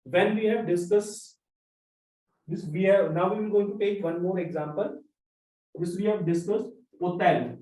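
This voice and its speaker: A language teacher, slowly repeating examples and word pairs in a lesson. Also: mid-range voice, dark tone. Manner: slow, repetitive drilling of examples. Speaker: French teacher. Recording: roomy echo, mic far off.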